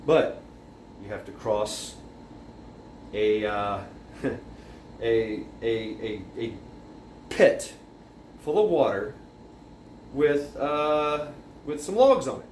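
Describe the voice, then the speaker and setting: A man's voice: medium pitch, very slow, pauses often, darkish tone. A man casually retelling a film scene, rambling, with many restarts and sound effects. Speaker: vlogger. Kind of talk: casual storytelling. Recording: roomy echo, faint background noise.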